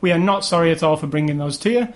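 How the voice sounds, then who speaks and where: A man's voice: a little high, very fast. A man hosting a podcast, making dry teasing asides and reading out the show's sign-off. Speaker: podcast host. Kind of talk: casual chat, show wrap-up.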